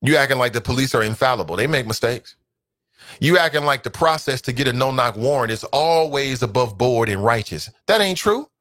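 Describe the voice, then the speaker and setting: A man in his thirties hosts a casual call-in radio show, his voice a touch higher than most men's. He reads listener messages, laughs freely and fires off opinions. The sound is close and dry, with no room around it. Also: no room sound. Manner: animated, laughing, mocks voices. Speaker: radio talk show host. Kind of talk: casual talk radio, reading listener comments.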